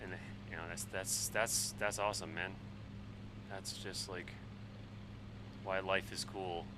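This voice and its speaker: A man in his forties, a bit tipsy on wine, rambling and swearing excitably while chatting on a flight sim live stream. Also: low-pitched, slow, background noise. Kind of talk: casual live-stream chat while flying.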